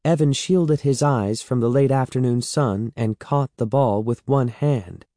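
A man reads an audiobook in a steady, measured storytelling style. His voice is medium-pitched, and the recording is dry and studio quality.

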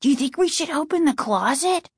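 A woman's voice: high voice, a little mellow, breathy edge, no room sound, studio quality, voice pushed up. A woman voicing a shaken young boy in a spooky storybook, speaking timidly. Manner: timid, halting.

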